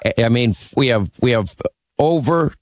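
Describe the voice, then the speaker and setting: A man's voice: mid-range voice, lively intonation, moderate pace, no echo. A man hosting a talk radio show, teasing callers and rallying his listeners in an emphatic way.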